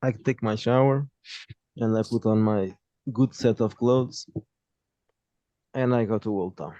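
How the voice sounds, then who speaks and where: A man playing a tabletop game makes crude, casual jokes as he acts out his character. His voice is mellow and dark, recorded dry. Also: fairly low pitch, fairly even intonation, a little slow, dry recording, dull audio. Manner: crude, joking. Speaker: player. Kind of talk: casual role-play chat.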